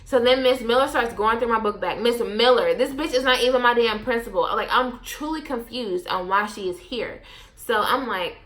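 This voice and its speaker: A young woman with a bright, ringing voice, chatting to camera in a loose storytime. She is blunt and foul-mouthed, and she acts out every line people said to her. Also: on the high side, moderate pace. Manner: blunt, profane, animated storytelling with quoted asides. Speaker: vlogger. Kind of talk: casual storytime chat.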